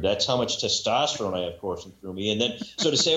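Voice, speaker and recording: A man's voice: on the low side, expressive, fairly quick, few pauses, bright, forceful tone, slight background noise. A man in casual podcast chat about narrating audiobooks, rambling with many restarts and self-mocking asides. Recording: echoey room, dull lo-fi sound.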